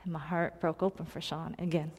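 A woman preaching a personal story in a sermon, earnest and confiding, moving between loud emphasis and hushed tones. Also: sits low, flat delivery, a little fast, husky. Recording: long hall reverb.

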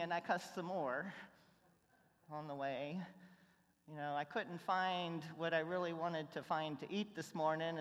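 Preacher in a reverberant hall. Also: mid-range voice. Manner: conversational storytelling, swinging between hushed and emphatic. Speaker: pastor. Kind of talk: sermon. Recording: long reverb of a church hall.

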